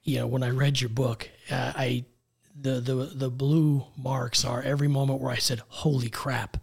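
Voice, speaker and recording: American male guest, gravelly and husky, earnest storyteller. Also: medium pitch, little pitch movement, moderate pace. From United States. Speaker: guest, executive coach. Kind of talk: conversational interview.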